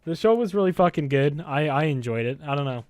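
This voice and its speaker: A man's voice: on the high side, a little fast, no echo, studio quality. A young man co-hosting a podcast, telling stories casually and acting out what people said. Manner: animated storytelling, acts out quotes. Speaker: podcast co-host. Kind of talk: casual chat.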